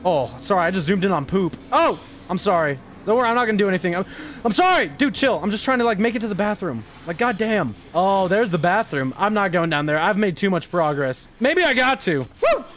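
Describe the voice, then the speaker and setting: A young man giving jokey, profane live commentary while playing a horror game, yelping and shouting when startled. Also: high-pitched, sing-song, fairly quick.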